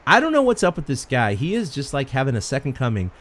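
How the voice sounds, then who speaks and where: A man co-hosting a sports podcast, an animated storyteller who laughs often in casual chat. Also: medium pitch, fast talker. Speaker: podcast co-host.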